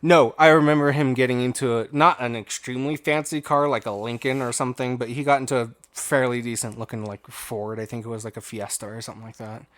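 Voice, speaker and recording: A young man co-hosts a casual podcast, telling a long story about an old job and playing out everyone's lines. His voice is bright and forceful, and he sits at an ordinary middle pitch. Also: steady tone, fast talker, hardly any pauses. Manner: rambling anecdote with acted-out quotes and laughter. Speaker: podcast co-host.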